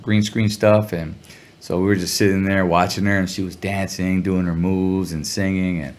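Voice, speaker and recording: A middle-aged man telling a story as an interview guest, relaxed and full of slang. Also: low voice, normal speed. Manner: laid-back, chuckling, heavy slang. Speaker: guest musician.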